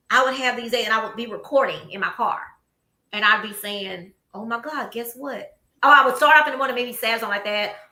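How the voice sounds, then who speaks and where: A woman with a Southern US accent hosting a casual chat, telling stories with animation and acting out what people said. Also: on the high side. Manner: animated storytelling, acts out quotes. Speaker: host. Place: office room. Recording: echoey room.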